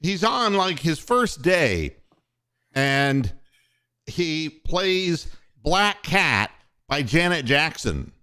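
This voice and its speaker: An older man hosts a sports talk show in a rambling, profane storytelling manner. His voice sits a little high and swings through a very animated range of pitch. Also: drawn-out words, smooth. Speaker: podcast host and former radio station boss.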